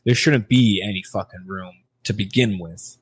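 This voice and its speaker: A man's voice: on the low side, moderate pace, breathy edge. A man co-hosting a casual podcast, rambling and swearing as he works through his thoughts. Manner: rambling, profane, hesitant restarts. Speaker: podcast co-host.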